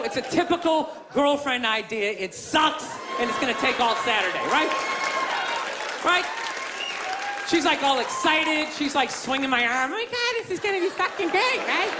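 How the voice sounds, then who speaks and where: A man doing a stand-up comedy routine on stage, ranting with profanity and acting out other people's voices. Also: very high voice. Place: theater stage before a live audience. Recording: stage mic with loud crowd laughter and noise.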